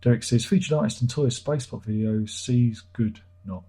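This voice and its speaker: Middle-aged male streamer, husky and irreverent, chatty comment-reading host. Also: medium pitch, moderate pace, mellow. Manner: irreverent, joking, swears freely. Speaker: livestream host. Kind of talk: casual livestream chat reading viewer comments.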